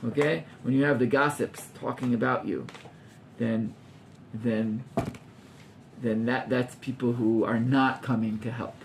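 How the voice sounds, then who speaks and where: Animated rabbi teaching a class. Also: male voice, mid-range voice, unhurried, gravelly, a little hiss or hum. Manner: animated, acts out scenes with gasps, mixes Hebrew terms. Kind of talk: informal Torah class with students.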